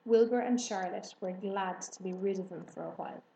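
A woman narrating a children's storybook in an even, measured way. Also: mid-range voice, creaky, echoey room, low-quality recording. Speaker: audiobook narrator.

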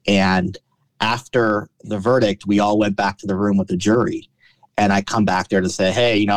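A man, a trial lawyer, telling stories in a conversational interview, animated and full of restarts. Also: sits low, dry recording. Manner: animated storyteller, many restarts.

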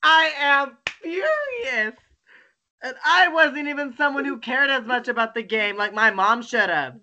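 A young adult on a webcam video call, ranting and swearing constantly, bursting into shouts and cry-like laughter. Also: mid-range voice, normal speed, dull audio. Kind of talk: casual profane rant.

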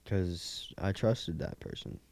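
A man in a discussion group giving short, slow answers. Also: low voice, a little mellow. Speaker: group participant.

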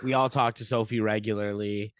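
A man hosting a podcast, telling stories in an animated, self-deprecating way. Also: lowish voice, fairly quick, clear, resonant tone, no room sound. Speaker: podcast co-host. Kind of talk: casual storytelling chat.

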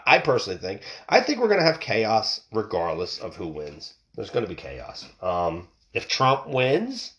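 A man hosting a podcast, talking casually and off the cuff, rambling and swearing freely. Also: lowish voice. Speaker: podcast host. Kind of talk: casual solo political talk. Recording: dull lo-fi recording.

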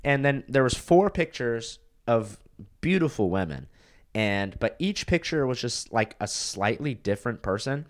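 A man who is a comedian, a podcast guest telling blunt, crude dating stories in a deadpan way. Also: medium pitch, measured pace. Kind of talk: casual chat.

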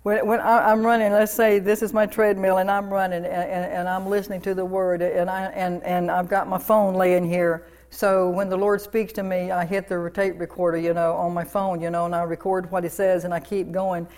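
A woman's voice: lowish voice, little pitch movement, moderate pace, hardly any pauses, darkish tone. A woman pastor preaching a sermon, fervent and declarative, repeating commands and affirmations with restarts.

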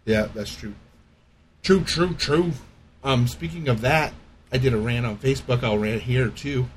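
Profane, animated middle-aged man ranting. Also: medium pitch, a little hiss or hum. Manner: profane, animated storytelling rant. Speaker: podcast co-host. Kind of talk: casual chat.

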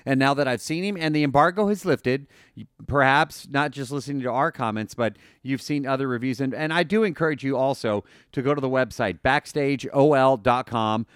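A man's voice: mid-range voice, fairly quick, clear, resonant tone, no room sound, studio quality. A man hosting a podcast, talking casually and enthusiastically, often repeating and restarting words. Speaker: podcast host.

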